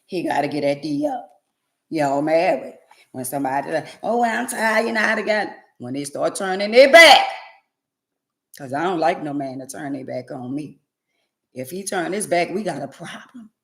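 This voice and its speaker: A woman, talking straight to her livestream audience. She preaches in a sassy, blunt way and swings from loud to hushed. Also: deep voice, lively intonation, normal speed. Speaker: livestream host. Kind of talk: casual livestream rant to viewers.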